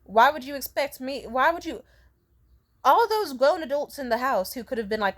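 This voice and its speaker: A woman's voice: high voice, expressive, moderate pace. A young adult woman telling a casual storytime vlog, rambling and profane, laughing often between sentences. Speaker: vlogger.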